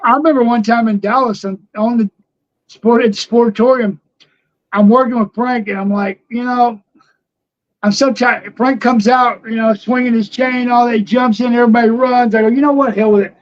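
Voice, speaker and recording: A man's voice: extremely high pitch, steady tone, moderate pace, muffled recording. An older man, a former wrestler, telling rambling anecdotes as a guest in a casual interview, laughing often.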